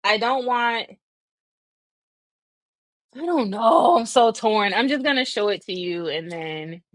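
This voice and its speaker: Young woman streamer, chatty and laughing, a bit breathy, dry close sound. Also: on the high side, animated, takes it slowly, fairly bright tone, no room sound. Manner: chatty, laughs often, thinks aloud; slightly breathy from asthma. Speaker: livestream host. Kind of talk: casual livestream chat.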